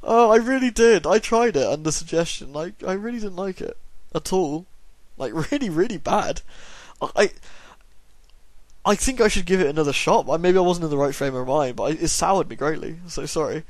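A man's voice: a little high, animated, normal speed, no room sound. Tired young man answering questions. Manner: rambling, self-deprecating, dry humour. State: tired, yawning. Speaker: YouTube gaming channel host. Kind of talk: casual Q&A reading viewer questions.

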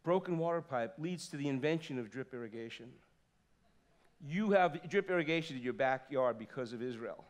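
A man in his fifties preaching a sermon in a church, swinging from loud exclamations to soft asides. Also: medium pitch, lively intonation, normal speed. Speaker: pastor. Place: church sanctuary.

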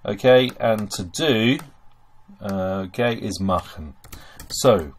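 A man's voice: on the low side, slow pace. A man teaching German grammar over a screen recording, chatty and full of okays and fillers.

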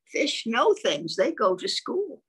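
A woman's voice: fairly high pitch, huge pitch swings, slow, fairly bright tone, husky, full character voice. A woman voicing a curious, eager little male pollywog in a children's storybook.

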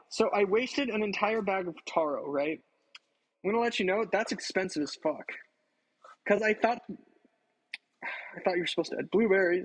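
A man's voice: high-pitched, husky, low-quality recording. A man chatting casually to his livestream chat while cooking in his home kitchen, swearing freely and poking fun at himself. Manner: chatty, swearing, self-mocking, talks to chat. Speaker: streamer.

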